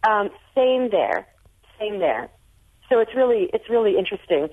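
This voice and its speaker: A woman's voice: medium pitch, sing-song, moderate pace. An American woman, a guest author, chatting on a radio call-in show, thinking aloud with frequent restarts. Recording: tinny phone line.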